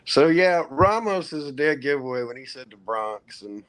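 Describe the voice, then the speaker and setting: A man's voice: mid-range voice, expressive, normal speed, a bit bright. Chatty man with a Midwestern accent. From Midwest, Indianapolis. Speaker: stream guest. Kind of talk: casual chat.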